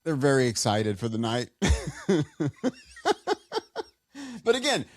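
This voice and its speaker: Rambling man with a lively voice. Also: mid-range voice, no echo. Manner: rambling, halting storyteller with many restarts. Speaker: podcast co-host. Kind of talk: casual chat.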